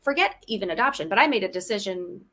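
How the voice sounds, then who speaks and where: Homeschool mom on a podcast, woman, sharp bright voice, tells it animated w lots of restarts. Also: mid-range voice, fast. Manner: animated storyteller, many restarts. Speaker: guest, homeschool mom and author. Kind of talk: candid storytelling in a podcast interview.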